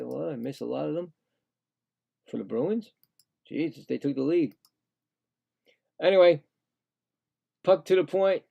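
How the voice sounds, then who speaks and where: Man, casual hockey play-by-play, high pitched, gravelly, excitable, rambling. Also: highs cut off. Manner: excitable, indignant, rambling with frequent restarts. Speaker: live play-by-play streamer.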